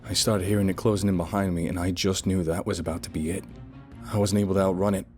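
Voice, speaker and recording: A man's voice: deep voice, fairly even intonation, fast talker, dark tone, faint music behind. A man narrating a first-person horror story in a dramatic, lurid style.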